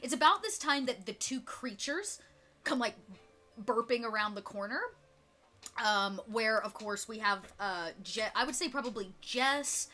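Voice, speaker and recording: A woman's voice: a little high, lively intonation, unhurried, sharp tone, faint music behind. A woman narrating a tabletop role-playing game as game master, in a loose, chatty way with many fillers.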